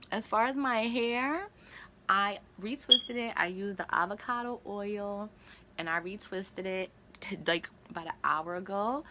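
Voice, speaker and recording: A woman's voice: mid-range voice, measured pace, sharp tone, slight background noise. A woman vlogging to camera, talking casually and emphatically, often repeating her words. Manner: emphatic, repeats phrases, upset and indignant.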